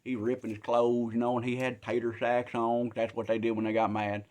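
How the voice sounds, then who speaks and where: A man's voice: mid-range voice, flat delivery, brisk, a little mellow. A man telling a Bible story in a rambling, joking, colloquial way.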